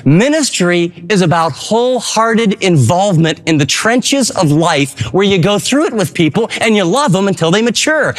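High-voiced guy preaching hard, lots of rhetorical questions. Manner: emphatic, rhetorical questions, shifting pitch. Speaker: pastor. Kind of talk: sermon.

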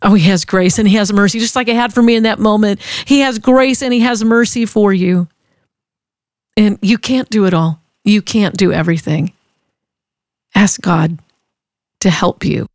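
A woman's voice: medium pitch, moderate pace, darkish tone, no room sound, studio quality. A woman radio host telling a personal devotional story in an earnest, storytelling way.

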